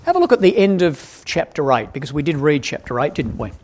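A man leads his congregation through a passage of scripture, pitched a little high for a man. His delivery rises and falls with animation, and he keeps tossing questions to the listeners and stopping to fix his own slips. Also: fairly quick. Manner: animated, asks the audience questions, self-correcting. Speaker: preacher. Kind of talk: expository Bible teaching.

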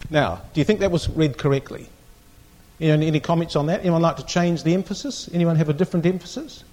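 A man's voice: fairly high pitch, fast talker, darkish tone. A man teaching a Bible class, reading scripture aloud with strong emphasis and putting questions to the group.

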